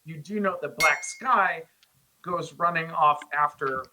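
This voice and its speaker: A man's voice: a little high, unhurried, noisy background. A man narrating a tabletop game as game master, rambling with many fillers.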